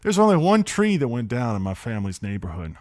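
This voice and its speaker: Brief: male host, mid-pitched voice, chatty and excitable storyteller, casual livestream. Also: fast. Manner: animated, excited storyteller with many fillers and restarts.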